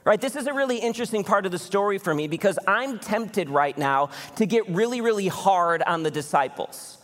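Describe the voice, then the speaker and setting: A male pastor preaching a conversational, animated sermon, often acting out the voices of people in the story. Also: high-pitched, a little fast, long reverb tail. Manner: animated, conversational, acts out voices in Bible stories. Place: church.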